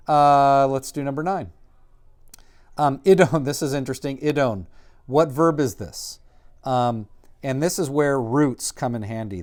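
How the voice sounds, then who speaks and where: A man talks through a Greek workbook lesson at an unhurried, deliberate pace. His voice sits at a middle pitch, and he thinks aloud with frequent ums and restarts. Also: a little mellow. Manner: slow, halting, many ums and self-corrections. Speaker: Greek teacher. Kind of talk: casual recorded lesson.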